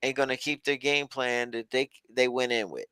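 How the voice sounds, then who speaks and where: A man with a smooth, resonant voice rambles along in a casual, folksy podcast chat. He sounds close and dry, with no room around him. His pitch sits in a middling range. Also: fairly even intonation, brisk, sharp tone, no echo. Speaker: podcast co-host. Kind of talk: casual chat about a reality show.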